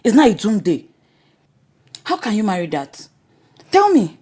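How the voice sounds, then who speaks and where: A woman's voice: medium pitch, sing-song, normal speed, mellow, husky. An actress playing an outspoken palace woman with a Nigerian accent in a film. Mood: defiant. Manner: blunt, defiant. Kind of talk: film acting.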